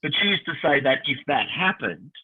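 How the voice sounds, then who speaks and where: A man co-hosts a casual chat, telling lively stories and slipping into the voices of the people in them. His voice has a husky grain. It comes through tinny, like a phone line. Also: fairly high pitch, normal speed. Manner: animated storyteller acting out quoted voices. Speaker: podcast co-host.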